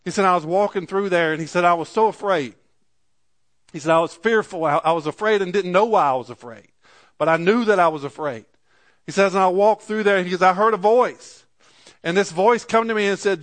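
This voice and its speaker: A middle-aged man preaches from the pulpit, his voice sitting a little high for a man. He tells his story earnestly and builds to a fervent close. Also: moderate pace, a bit bright. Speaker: pastor. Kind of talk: sermon.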